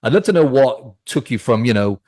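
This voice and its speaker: A man's voice: mid-range voice, animated, a little fast, a little mellow. A man from Wales, hosting a casual interview and chiming in with eager agreement. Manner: enthusiastic, affirming. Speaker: podcast host.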